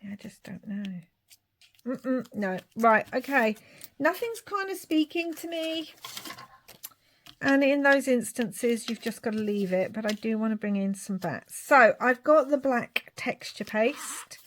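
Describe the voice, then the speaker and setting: A woman's voice: on the high side, animated, measured pace, slight background noise. A middle-aged woman chatting and thinking aloud as she works on a craft project. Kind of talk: crafting vlog commentary.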